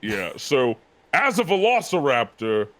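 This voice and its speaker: A man talking as a guest in casual chat, animated, laughing easily and often correcting himself. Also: medium pitch, a little slow.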